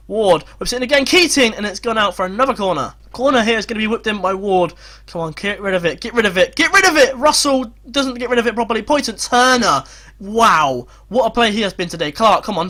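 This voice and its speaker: A young man commentating on his own football management game, shifting from calm planning to frantic, shouted play-by-play. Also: high voice. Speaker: gaming YouTuber.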